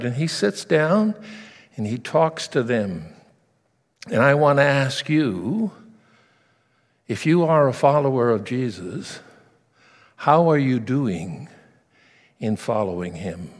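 A man's voice: mid-range voice, slightly rough, in a large hall. A man preaching a sermon, telling stories and asking his listeners direct questions.

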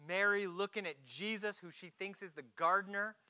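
A preacher delivering a dramatic sermon, swinging between hushed, quiet moments and emphatic, rising lines. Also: mid-range voice, steady tone, normal speed, clean tone.

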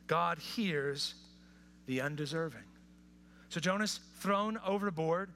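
A man preaching a sermon to a live congregation, dropping to hushed, intimate asides and rising to impassioned appeals. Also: sits high, slight background noise. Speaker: pastor. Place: church or hall with live audience.

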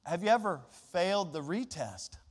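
A man preaching a sermon to a congregation, shifting between impassioned, conversational preaching and quiet pleading. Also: high-pitched, very animated, moderate pace. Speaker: pastor. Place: church sanctuary. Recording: long church reverb.

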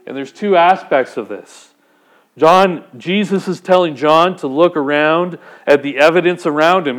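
A man's voice: fairly high pitch, normal speed. A man preaching a sermon, speaking conversationally and putting direct questions to the congregation. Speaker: pastor.

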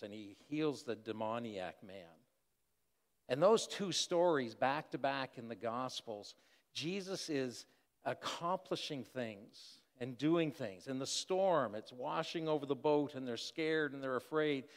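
An older man preaching a sermon, telling stories in a relaxed, conversational way with personal asides. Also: medium pitch. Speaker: pastor. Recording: long hall reverb.

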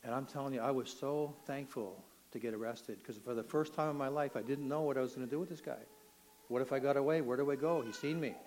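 An older man from Canada shares his personal testimony in a mid-pitched voice. He talks earnestly and with feeling. At the dramatic moments his voice climbs until he is nearly shouting. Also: quick pace, a little hiss or hum, rough recording. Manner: earnest, emotional storytelling, rising to near shouts at dramatic moments. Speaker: testimony speaker.

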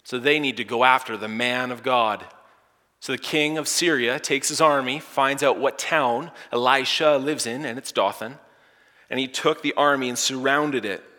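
A male pastor delivers a dramatic sermon in a bright, forceful voice of middle pitch. He drops to near-whispers and then surges to emphatic peaks. His words ring out with a long reverb through a large church hall. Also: normal speed. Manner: dramatic, swinging from hushed near-whispers to loud emphatic lines.

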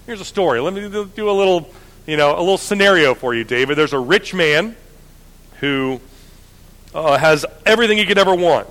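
A man preaching a sermon, telling the story in a lively, conversational way with frequent restarts. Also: fairly high pitch, fairly quick, in a large hall.

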